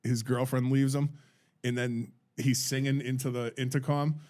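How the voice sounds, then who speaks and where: A man co-hosts a relaxed podcast chat and recounts favorite movie scenes. He talks in an easygoing way and likes to tease the others. His voice has a middle pitch. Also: moderate pace. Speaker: podcast co-host. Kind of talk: casual chat.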